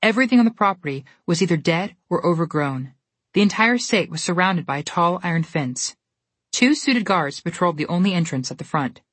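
A woman narrating a storybook in a steady, even reading manner. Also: lowish voice, fairly quick, no room sound.

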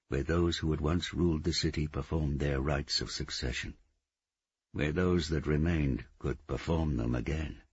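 Very deep, husky male narrator. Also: dry recording, highs cut off. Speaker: audiobook narrator. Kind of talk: scripted narration.

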